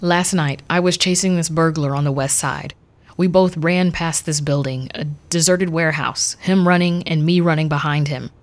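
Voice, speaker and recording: A woman's voice: sits low, steady tone, normal speed, lightly acted. A woman doing a nervous young constable with a Spanish accent. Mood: shaken. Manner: nervous and hesitant.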